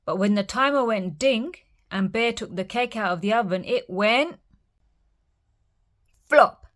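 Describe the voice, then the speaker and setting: A woman reading a picture book aloud for children's storytime, gentle and expressive. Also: mid-range voice, moderate pace.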